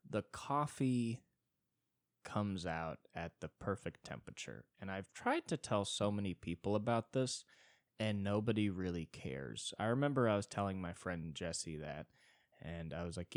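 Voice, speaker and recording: Rambling self-mocking man, lively pitch. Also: normal speed, no room sound, clean studio sound. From Southern California suburbs. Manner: rambling, self-deprecating, swears, acts out quoted people. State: yawning, tired. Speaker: podcast host. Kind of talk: solo podcast monologue.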